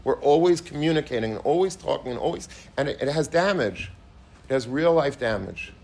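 With a high-leaning, gravelly and darkish voice, this rabbi preaches expressively and fairly fast. His sermon is emphatic and repetitive, full of restarted phrases and sprinkled with plenty of Hebrew and Yiddish words.

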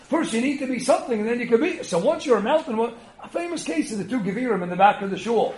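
A man's voice: extremely high pitch, lively intonation, fast talker, very noisy. A man giving a spirited Torah lecture, emphatic, posing rhetorical questions and answering them himself. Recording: roomy echo.

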